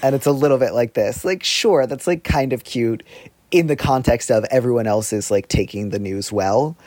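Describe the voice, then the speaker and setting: A man's voice: medium pitch, normal speed, a little mellow. A man talking as an advice-column guest in a casual podcast chat, rambling and openly hedging his views. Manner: rambling, self-aware hedging.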